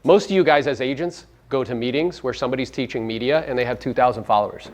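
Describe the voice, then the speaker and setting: A man's voice: mid-range voice, quick pace. A middle-aged man giving a brash, profane seminar talk, firing rhetorical questions at his audience. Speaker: real estate business owner giving a media talk.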